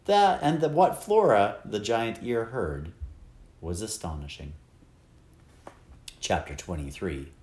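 A man reading a children's novel aloud with expressive, wide-ranging storytelling. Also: fairly low pitch, takes it slowly, long pauses, echoey room. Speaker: audiobook narrator. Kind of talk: scripted narration.

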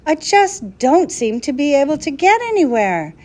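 A woman's voice: high voice, sing-song, moderate pace, a little mellow, pitched above the performer's own voice. A woman voicing a flustered, worried old male professor who talks anxiously and with exasperation in a storybook reading. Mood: fretful.

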